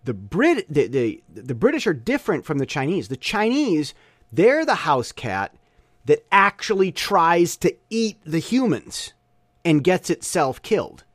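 A man's voice: fairly high pitch, sing-song, unhurried, no echo, clean studio sound. A young man giving an opinionated casual monologue, often stumbling and restarting his sentences.

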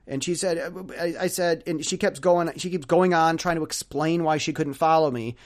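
A man's voice: fairly high pitch, moderate pace. A man hosting a solo podcast, telling a rambling story with sarcasm and lots of stammered restarts. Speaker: podcast host.

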